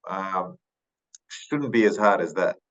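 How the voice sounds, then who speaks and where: A man in his thirties from Papua New Guinea, a podcast guest telling his story in a thoughtful, unhurried way with many fillers and restarts. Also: sits low, poor audio. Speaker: podcast guest, retired rugby league player. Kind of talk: casual interview storytelling.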